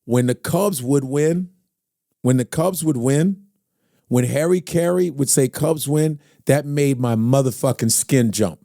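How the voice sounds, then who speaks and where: Animated man, lively swooping pitch. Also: unhurried, creaky, dry recording, studio quality. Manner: excitable, bursts into loud sports-announcer impressions. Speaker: podcast host. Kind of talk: casual podcast chat.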